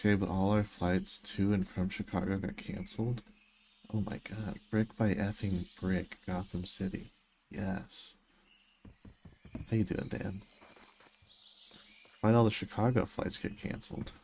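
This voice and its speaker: Young man, very low voice, casual game streamer, jokey and self-mocking, faint cricket noise behind. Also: fairly even intonation, unhurried, pauses often, a little mellow. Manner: joking, self-mocking, reads chat messages aloud and answers them. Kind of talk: casual gaming livestream chat.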